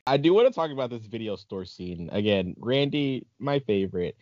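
A man hosting a casual podcast chat, animated and laughing often. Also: mid-range voice, brisk, few pauses, no room sound. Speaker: podcast host. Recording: dull lo-fi recording.

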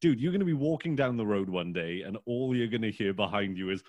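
Sweary man with lively pitch. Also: quick pace, dry recording, dull audio. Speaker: improv podcast guest. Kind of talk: casual banter.

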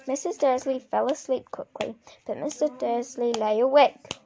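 A woman's voice: high-pitched, moderate pace, vocal fry, mellow, a little hiss or hum. A woman reading a novel aloud in an unpolished way, with slips and restarts. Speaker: reader.

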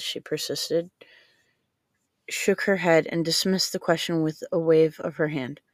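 A woman narrating a novel aloud in a measured, unhurried manner. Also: low voice, fairly even intonation, dry recording. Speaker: audiobook narrator. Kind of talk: scripted narration.

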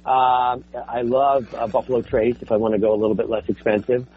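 Male voice actor guest, animated casual chatter, slightly dull recording with faint noise. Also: mid-range voice, brisk. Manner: animated, laughs often, many restarts. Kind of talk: casual podcast chat.

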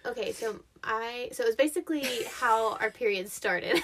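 With a fairly high voice and an ordinary speaking speed, this young female podcast co-host tells stories in relaxed conversation. Laughter comes often, and she performs the quotes she relays with lots of animation.

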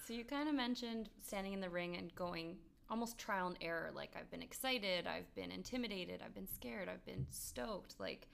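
A woman's voice: mid-range voice, normal speed, vocal fry, few pauses. A woman interviewing a guest in a casual chat, encouraging him with frequent mm-hmms.

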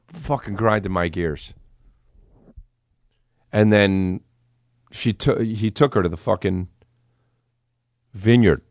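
A man with a somewhat low voice hosts a comedy podcast and tells a story full of swearing and false starts. He gets excitable and keeps tripping over his own sentences. The recording is close and dry. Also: slow, pauses often, dry recording. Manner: excitable, profane, rambling with restarts. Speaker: podcast host.

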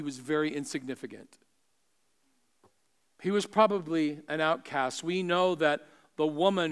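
A man preaching a sermon as pastor, building to impassioned peaks and dropping to soft, pleading appeals. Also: on the high side, unhurried, long pauses, clean tone. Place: church sanctuary. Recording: long hall reverb.

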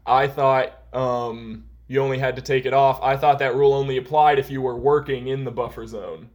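A young man rambles through a work anecdote on a casual podcast, piling on fillers as he goes. His voice sits at an ordinary middle pitch, and he talks like he is chatting with a friend. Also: steady tone, normal speed. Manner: rambling, heavy use of "like" and "um". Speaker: podcast co-host. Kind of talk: casual storytelling chat.

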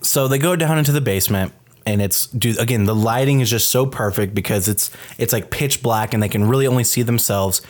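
Animated, swearing podcast host. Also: male voice, medium pitch, brisk. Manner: animated, profane storytelling with many fillers. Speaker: podcast host reviewing a film. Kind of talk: casual chat.

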